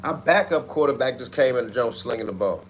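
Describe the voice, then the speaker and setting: A man runs a casual livestream, answering his viewers in loose street slang. He trash-talks in an animated way at a middle pitch. A faint hiss sits under his voice. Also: a little fast. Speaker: livestream host. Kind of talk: casual livestream chat reading comments.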